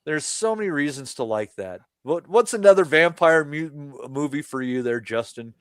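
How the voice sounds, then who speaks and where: A man co-hosting a podcast in casual, profane banter, animated and laughing often. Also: fairly high pitch, moderate pace, clean tone, no echo. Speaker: podcast co-host.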